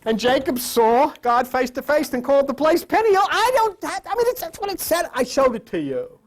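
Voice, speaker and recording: A man teaching a Bible lesson like a sermon, with emphatic, repetitive preaching that swings from loud to whispered, often quizzing his listeners. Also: extremely high pitch, sing-song, moderate pace.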